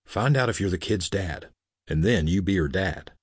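Gruff matter-of-fact biker, voiced by a man narrator with a deep, husky tone. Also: lively intonation, moderate pace, no echo, clean studio sound. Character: blunt gruff male biker club member.

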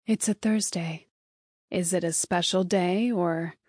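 A woman's voice: lowish voice, fairly even intonation, takes it slowly, darkish tone, no echo, studio quality. A woman voicing a polite, mysterious man who speaks courteously and a little hesitantly in an audiobook.

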